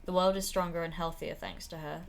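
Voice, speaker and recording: A woman's voice: on the low side, steady tone, fairly quick, gravelly, slight background noise. A woman voicing a middle-aged male editor giving a formal, earnest eulogy, in a game played aloud.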